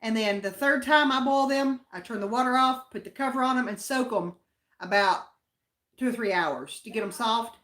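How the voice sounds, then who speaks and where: A woman's voice: a little high, moderate pace, a bit bright. A woman with an Appalachian accent co-hosting a livestream, chatting in a homey, folksy way and reading viewer comments. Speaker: livestream co-host. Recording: roomy echo.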